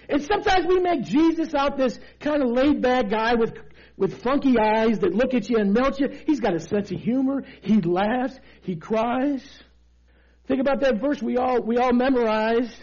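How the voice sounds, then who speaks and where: A man preaching a lively, joking sermon, calling for amens from the crowd. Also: very high-pitched, moderate pace, dull audio. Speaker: pastor.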